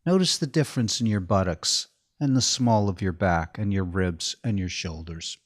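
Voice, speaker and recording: A man giving a slow, calm, step-by-step guided body-awareness lesson as movement instructor. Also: deep voice, dry recording, clean studio sound.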